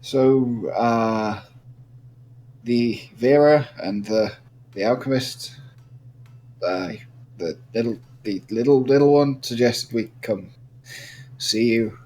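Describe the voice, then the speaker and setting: A man's voice: mid-range voice, takes it slowly, pauses often, darkish tone, a little hiss or hum. A man playing a tabletop game, speaking hesitantly with many fillers. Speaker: player. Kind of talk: casual tabletop play.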